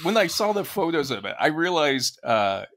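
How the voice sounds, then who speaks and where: A man's voice: a little high, very animated, moderate pace, a bit bright. A man in his fifties co-hosting a casual podcast, chatty and laughing easily as he tells stories. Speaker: podcast co-host. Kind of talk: casual chat.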